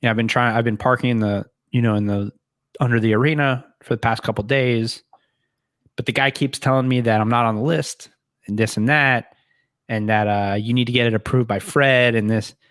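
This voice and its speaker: A man's voice: mid-range voice, fairly even intonation, a little fast, a bit bright, no room sound. Man telling a rambling story, dry sound. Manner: rambling, quoting others, frequent restarts and laughs. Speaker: podcast co-host. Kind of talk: casual storytelling.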